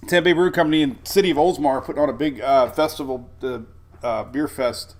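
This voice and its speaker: A middle-aged man hosts a live weather stream. He chats easily and greets his viewers one by one, with a lot of laughter. His voice sits at an ordinary pitch for a man. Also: fast talker, background noise. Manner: chatty, greets viewers by name, laughs often. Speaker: weather livestream host. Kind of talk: casual live-stream chat.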